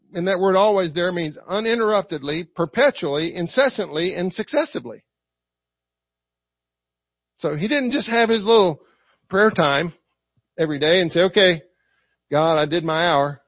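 A man with a Southern US accent preaching a lively sermon, acting out quotes and asking the congregation for responses. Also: sits high, normal speed, no echo. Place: church. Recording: dry, dull lo-fi recording.

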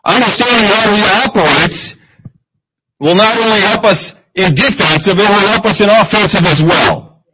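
A man's voice: high voice, moderate pace, bright, forceful tone, breathy edge, low-quality recording. A man preaching a conversational sermon, reading scripture between plain explanations. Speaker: pastor.

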